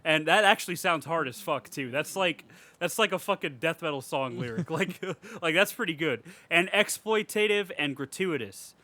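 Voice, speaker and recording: This podcast host's voice is fairly high, pushed and bright, with lively intonation at a normal speed. He's in a casual chat, swearing and ranting, often laughing while he reads reviews aloud and mocks them.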